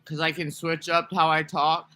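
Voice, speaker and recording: A man's voice: a little high, little pitch movement, moderate pace, pushed and bright, no echo. A man talking casually to camera in a rambling, profane, sarcastic vlog monologue. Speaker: vlogger.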